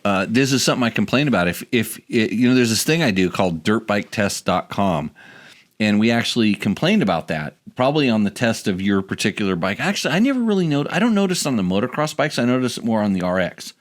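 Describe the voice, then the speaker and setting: A man's voice: lowish voice, sing-song, quick pace. A man hosting a casual podcast chat, rambling and restarting his sentences as he goes. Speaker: podcast host.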